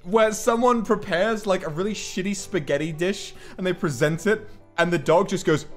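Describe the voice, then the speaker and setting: A man chatting with guests on a stream, telling stories in an animated, tangent-prone way. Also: high voice, normal speed, faint music behind. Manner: animated storyteller, jumps between voices and big tangents. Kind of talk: casual chat.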